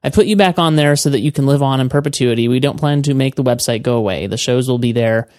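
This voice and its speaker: A man's voice: medium pitch, fast, darkish tone, no room sound, clean studio sound. A man hosting a casual movie podcast, playful and self-mocking, often laughing. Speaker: podcast host.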